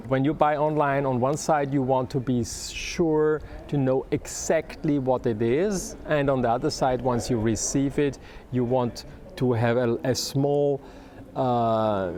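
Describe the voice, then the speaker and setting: A man's voice: mid-range voice, a little mellow. A man, a violin maker talking casually in an interview, sometimes searching for English words. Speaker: luthier, shop owner.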